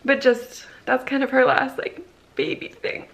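Slow, gravelly-voiced young mom vlogging. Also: female voice, sits high, level tone. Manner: soft-spoken, sentimental, chatty with fillers. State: teary. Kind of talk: casual home vlog. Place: family home.

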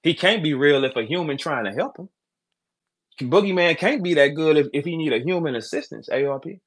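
A man, a battle rapper, delivering a heated, confrontational call-out, jumping between shouting and low muttering. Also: lively intonation, brisk. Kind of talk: heated trash talk call-out.

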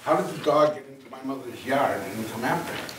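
A man's voice: medium pitch, a little fast. A hesitant man raises questions at a public hearing, his voice sounding distant and roomy. The echo and faint hiss suggest a mic some way off in a hall. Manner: hesitant, unsure. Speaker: complainant's son.

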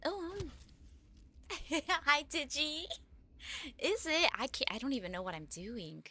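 A woman streaming a horror game, giddy and excitable, laughing often as she thanks her viewers. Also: high-pitched, takes it slowly. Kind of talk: live gameplay commentary.

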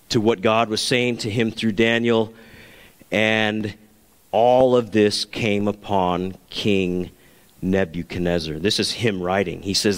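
A man's voice: lowish voice, steady tone, slow, clean tone, big-room sound. A man preaching a sermon as pastor, earnest, now and then acting out the voices he quotes.

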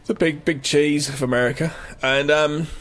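A man's voice: fairly high pitch, fairly even intonation, normal speed, fairly bright tone. A man co-hosting a casual film podcast, making rambling, jokey asides with hesitations. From United Kingdom. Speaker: podcast co-host. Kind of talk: casual film-review chat.

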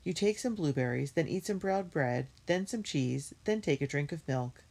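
A woman's voice: deep voice, expressive, normal speed, darkish tone, breathy edge, exaggerated voice. Storybook big brother, hearty and upbeat, woman reader. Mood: cheerful. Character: capable older brother boy. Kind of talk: storybook read-aloud.

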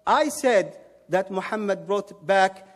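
A man's voice: high voice, lively intonation, slow. A man giving an emphatic debate rebuttal, firing mocking rhetorical questions. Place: debate hall. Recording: echoey hall with long reverb.

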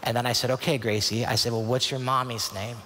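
A man's voice: medium pitch, level tone, quick pace, pushed and bright, a little hiss or hum. A man in his thirties telling a personal story as a youth conference speaker, earnest and confiding, often restarting his sentences. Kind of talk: storytelling sermon. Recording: long hall reverb.

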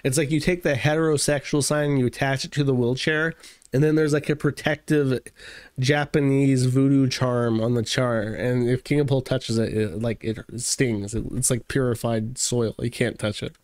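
A man's voice: mid-range voice, fairly even intonation, moderate pace, a little mellow, no room sound, clean studio sound. A man hosting a livestream show, giving casual commentary at his computer desk in a rambling, profane way, full of fillers and restarts. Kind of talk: casual commentary reading out online posts.

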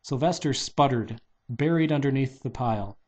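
A man reading a children's book aloud at a medium pitch. His delivery is plain and steady. He moves from line to line like a storybook narrator. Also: moderate pace. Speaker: reader.

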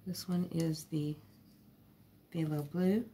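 A woman's voice: low-pitched, steady tone, slow, mellow, slight background noise. A woman hosting her own art channel, casually talking through each step of a painting technique in a chatty, lightly self-deprecating way.

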